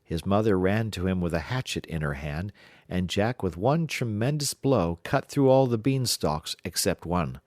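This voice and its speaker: Deep-voiced man narrating a fairy tale. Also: no echo, clean studio sound. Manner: even, measured storytelling.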